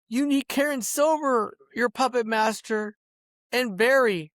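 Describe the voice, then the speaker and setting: A man's voice: very high-pitched, normal speed, a bit bright, no echo. Profane man ranting, dry close sound. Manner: profane, confrontational, peppered with "bro" and "dog". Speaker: host. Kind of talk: angry ranting monologue.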